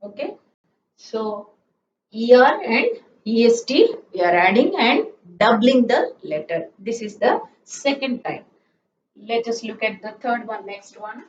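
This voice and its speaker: A woman's voice: a little high, sing-song, unhurried. A woman teaching a grammar lesson, spelling out letters and drilling word forms. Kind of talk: slow classroom-style grammar lesson. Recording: echoey room, distant mic, dull sound, faint hiss.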